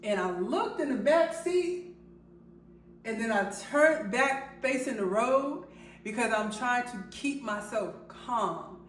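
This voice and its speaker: A woman's voice: a little high, takes it slowly, slight background noise. Woman telling a story in an echoey room. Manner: animated, laughing at herself, voice rising when reliving panic. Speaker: vlogger. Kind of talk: personal storytelling to camera. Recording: echoey room, a bit far from the mic.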